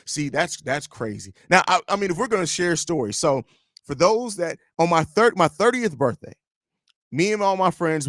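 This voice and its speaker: Chatty dude in his 30s hosting a sports stream, kinda high voice, joking around, dead dry mic. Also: fairly bright tone, no room sound. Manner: loose, joking, storytelling with swearing. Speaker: podcast host. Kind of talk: casual live-stream chat.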